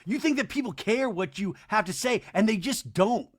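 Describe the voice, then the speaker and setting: Man doing a sneering guy, raised pitch, insults spat out. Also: lively intonation, moderate pace, husky. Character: heated, contemptuous adult man.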